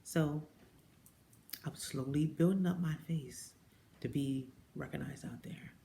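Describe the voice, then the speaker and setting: With a gravelly voice and a moderate pace, a woman who sells jewelry through direct sales recounts a lively story in a casual vlog monologue. She imitates others with high-pitched quotes and slips into whispers, over a faint hiss or hum.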